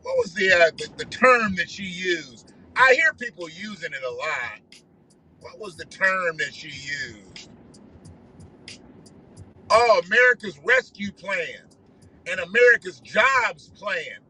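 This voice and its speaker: A man's voice: sits high, big pitch swings, slow, long pauses, bright, forceful tone, breathy edge, soft background music, low-quality recording. A man ranting profanely on a livestream while driving his car. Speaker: livestream host. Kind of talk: casual ranting monologue.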